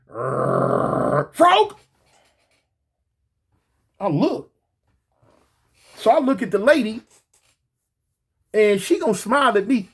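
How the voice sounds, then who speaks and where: Here a storyteller with a raspy, husky voice relays a casual story in slangy language, pitch swinging widely. Words often repeat, and quoted lines are performed as acted-out voices.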